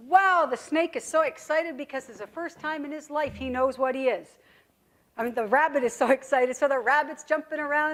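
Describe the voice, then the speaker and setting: Conference presenter: a woman, direct, folksy, a touch high. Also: normal speed.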